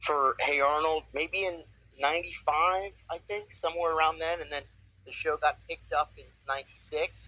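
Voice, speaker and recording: A man in his forties, a voice actor telling stories in a casual interview with an upbeat, enthusiastic manner. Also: on the high side. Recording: muffled with faint noise.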